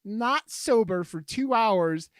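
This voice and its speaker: A man hosting a podcast in casual chat, swearing often and rambling with animated outbursts. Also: high-pitched, slow, no room sound. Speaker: podcast host.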